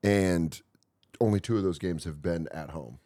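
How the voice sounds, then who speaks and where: A man with a deep, rich, booming voice, a guest comedian chatting on a podcast in a self-deprecating, jokey way. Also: moderate pace, dark tone. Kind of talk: casual podcast chat.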